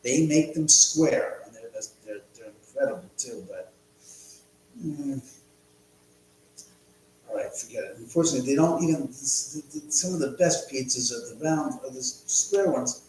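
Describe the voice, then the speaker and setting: A man's voice: mid-range voice, moderate pace, a little mellow, heavy reverb, a little hiss or hum, low-quality recording. A man hosting a casual live stream from his home, rambling, muttering to himself and swearing often. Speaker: livestream host.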